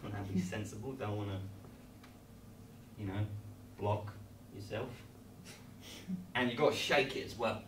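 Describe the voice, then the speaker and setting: A man's voice: lowish voice, unhurried, pauses often, a little hiss or hum, pitched below the performer's own voice, natural voice. An English man in a live improv comedy scene, playing a bumbling host of a children's craft show who rambles in a mock-instructive, falsely reassuring way. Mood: chirpy instructional. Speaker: improv performer. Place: small comedy venue stage. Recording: roomy distant mic, live audience laughter.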